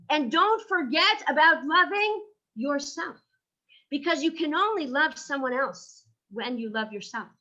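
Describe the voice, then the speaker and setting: Lively, bright-voiced woman teaching a class. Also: sits high, lo-fi sound. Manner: engaging, asks rhetorical questions with frequent "right?"; mixes Hebrew terms into English. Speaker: teacher of a Jewish ethics class. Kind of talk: lively lecture.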